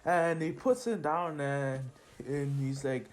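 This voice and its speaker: A man's voice: a little high, animated, slow pace. Rambling teen boy telling a fan story. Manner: rambling, laughing asides, slangy. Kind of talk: casual fan-fiction narration.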